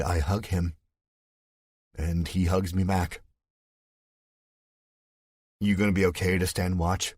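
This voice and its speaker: A man reads a thriller audiobook in the first person, keeping his delivery steady and measured. His voice is very low and husky. The recording is dry and close, with no room around it. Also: no room sound. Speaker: audiobook narrator.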